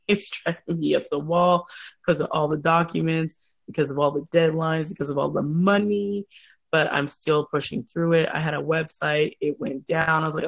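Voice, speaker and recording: Gravelly-voiced woman telling stories. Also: low voice. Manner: chatty, animated, quick asides. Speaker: guest, entrepreneur. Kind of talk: casual storytelling.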